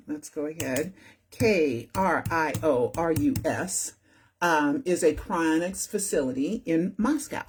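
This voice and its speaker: Woman host, husky voice, loose rambling commentary, lots of "right?". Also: lowish voice, darkish tone. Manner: rambling, repetitive, keeps asking "right?". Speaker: channel host. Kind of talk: casual on-screen commentary.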